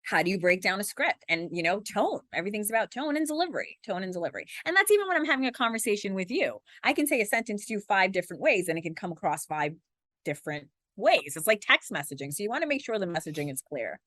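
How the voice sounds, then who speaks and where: A woman news anchor in her forties, talking fast and animated as an interview guest, acting out little quotes. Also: medium pitch, no room sound, studio quality. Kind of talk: conversational interview.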